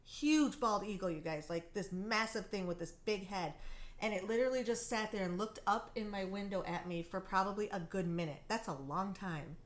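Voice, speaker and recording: A woman from Wisconsin, co-hosting a talk show, sharing a personal story in an earnest, animated way. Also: mid-range voice, moderate pace. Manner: earnest, animated, many ums. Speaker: co-host. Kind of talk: casual storytelling.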